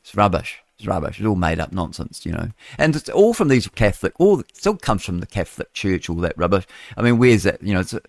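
A man's voice: low-pitched, very animated, a little fast, creaky, dry recording, clean studio sound. An older man hosting live radio, reading the news with chatty, rambling asides. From New Zealand. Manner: chatty, digressive, chuckling asides. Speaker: radio host.

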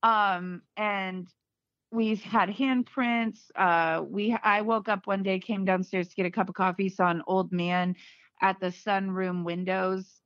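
A woman, a guest on a podcast, telling a story in a casual, lively way and acting out the voices of others. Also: on the low side, no echo. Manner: lively, acts out quoted voices. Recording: dull, dry podcast audio.

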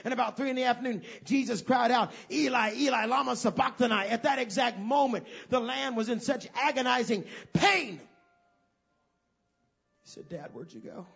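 A man preaching a sermon in a high, gravelly voice, dropping to a hush and then building to loud fervour. His voice is husky, and the recording is muffled with faint music underneath. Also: brisk, hardly any pauses. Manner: swings from hushed to loud and fervent.

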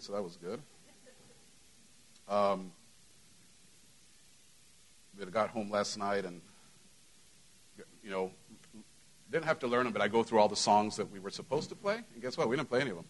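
The audio is poor as a middle-aged pastor in a church sanctuary talks at normal speed in a lowish voice with long pauses. He gives his congregation announcements and begins the sermon in a conversational style, sprinkled with "you know."

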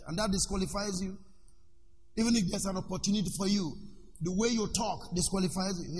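A man, a pastor preaching a sermon with sudden shouts and questions to the congregation. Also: sits high, a little fast, long pauses, in a large hall, a little hiss or hum. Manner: preaching with shouts and call-and-response.

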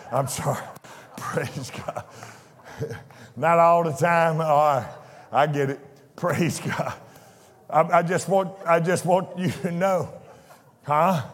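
A man preaching a fervent sermon, swinging from soft asides to shouted declarations. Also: a little high, big-room sound. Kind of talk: pentecostal sermon. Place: church sanctuary.

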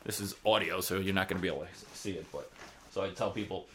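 A man who works as a bartender, telling quick, laughing stories in a casual podcast chat. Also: low-pitched, steady tone, noisy background.

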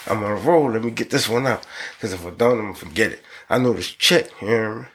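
Gravelly, profane man riffing. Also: lowish voice, fast talker, a little hiss or hum. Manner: profane, rambling, swings into loud excited laughter. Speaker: podcast host. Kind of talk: casual chat.

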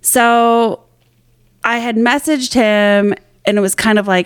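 A woman's voice: a little high, steady tone, slow pace, clean tone, no echo. Woman, podcast co-host, rambling profane storytelling, dry close sound. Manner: rambling, profane, self-deprecating. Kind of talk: casual storytelling chat.

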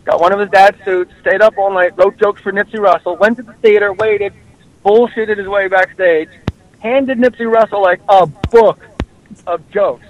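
A man hosting a podcast in casual chat, telling stories in an animated way and acting out quoted voices. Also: sits high, normal speed, dull audio. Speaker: podcast host.

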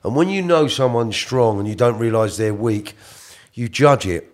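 A middle-aged man tells a personal story in a colloquial, earnest way, moving between soft asides and emphatic bursts. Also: medium pitch, normal speed.

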